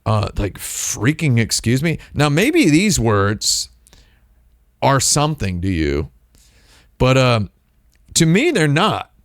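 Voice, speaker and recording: A man hosting a live stream, talking in a rambling, deadpan comedic monologue and playing with made-up words. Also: slow pace, long pauses, no echo, clean studio sound. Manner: deadpan, playful with invented words, lively pitch swings. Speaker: streamer host.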